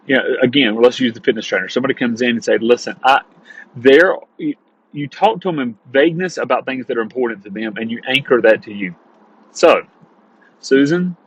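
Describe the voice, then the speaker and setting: A man teaching sales coaching in an energetic monologue, emphatic and repetitive, talking straight to his listeners. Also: medium pitch, breathy edge, lo-fi sound. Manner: emphatic, repeats phrases, addresses listeners as guys.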